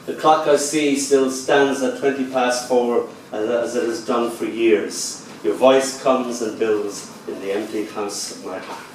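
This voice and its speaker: A man, a poet and event host, giving a lilting live poetry reading in a bar, with soft, hushed passages. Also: mid-range voice, steady tone, a little slow, few pauses, distant mic, a little hiss or hum. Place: bar venue. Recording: echoey room recorded from afar.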